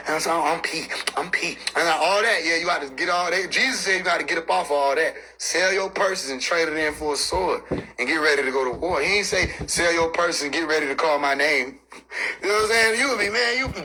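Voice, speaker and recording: A man's voice: high-pitched, brisk, sharp tone, low-quality recording. A man in a casual, profane monologue rant, lecturing on scripture in street slang and laughing between his points.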